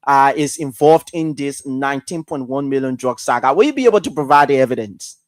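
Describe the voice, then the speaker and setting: Halting man hosting a call-in show. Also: mid-range voice, expressive, dry recording. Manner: measured, halting, with frequent fillers. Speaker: radio talk show host. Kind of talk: live call-in radio hosting.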